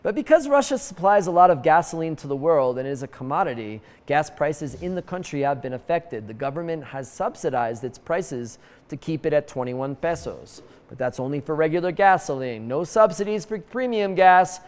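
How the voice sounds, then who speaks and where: A man's voice: a little high, animated, big-room sound. A man hosting a comedic news show, reading the stories with wry, jokey asides. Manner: wry, jokey asides with quick put-on voices.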